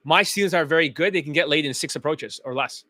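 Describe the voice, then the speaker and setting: Male dating coach, higher-pitched, dry sound, pushy and profane, loves repetition. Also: fast talker, sharp tone, dry recording. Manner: emphatic, blunt and profane, chanting phrases over and over. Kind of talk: profane motivational coaching monologue.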